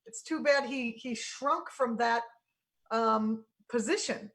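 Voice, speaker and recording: A woman's voice: a little high, slow, fairly bright tone. A woman hosting an interview, asking questions casually and thinking aloud. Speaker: host. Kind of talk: interview conversation.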